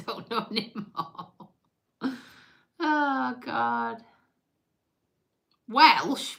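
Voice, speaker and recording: A woman's voice: mid-range voice, very slow, gravelly, pauses often, fairly bright tone. A woman hosting a casual live stream, chatting and joking with viewers, swearing freely and teasing them. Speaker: livestream host.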